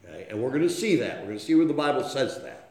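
A man's voice: medium pitch, sing-song, racing, creaky, darkish tone, roomy sound. A man preaching a sermon, often checking in with his listeners by asking "okay?", and telling homespun stories. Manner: folksy, storytelling, frequent "okay?" check-ins.

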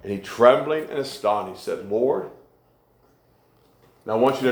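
A man preaching a sermon, rhythmic and swinging between hushed lows and shouted peaks. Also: expressive, a little slow, reverberant.

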